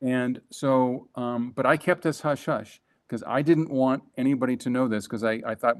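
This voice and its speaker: Animated man telling a business story. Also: medium pitch. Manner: animated, emphatic storyteller with quick restarts. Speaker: guest, former franchise executive. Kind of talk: conversational storytelling.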